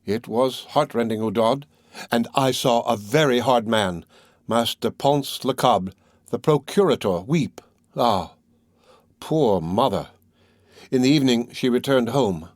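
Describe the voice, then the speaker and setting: With a natural, medium-pitched voice delivered a little slowly, a man narrates a script as a grieving woman recounting a sorrowful story in an earnest way. The recording is dry with clean studio sound.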